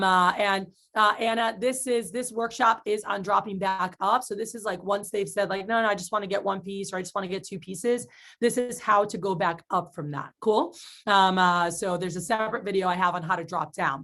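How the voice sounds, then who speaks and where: A woman sales manager leading a training workshop, telling stories casually and acting out excited reactions. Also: medium pitch. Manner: casual, filler-heavy talk.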